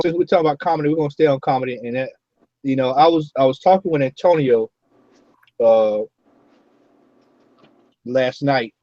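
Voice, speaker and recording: A man hosting a casual comic-book roundtable, talking, animated, laughing and repeating his words. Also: mid-range voice, dry recording. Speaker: podcast host. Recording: dull lo-fi recording.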